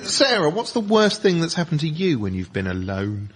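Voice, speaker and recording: A man's voice: a little high, wildly swooping pitch, normal speed, a little hiss or hum. A man hosting a panel show, putting dry questions to the guests. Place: studio with live audience.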